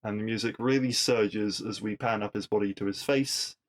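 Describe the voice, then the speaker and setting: A man's voice: lowish voice, steady tone, moderate pace. A man hosting a podcast, casually recapping a TV episode with wry asides and rhetorical questions.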